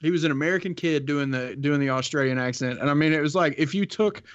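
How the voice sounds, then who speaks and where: A man's voice: fairly high pitch, no echo, muffled recording. A man in his thirties with a Southern US accent, chatting on a podcast and rambling with lots of restarts. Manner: rambling, halting with many restarts. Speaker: podcast co-host. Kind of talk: casual podcast chat.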